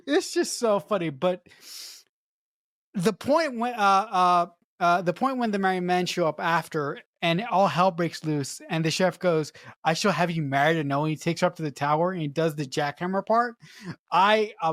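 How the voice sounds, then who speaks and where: A woman's voice: on the low side, no echo, studio quality. A woman co-hosting a movie podcast, talking about a comedy film in an enthusiastic, emphatic casual way. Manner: enthusiastic, emphatic, restarts phrases. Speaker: podcast co-host.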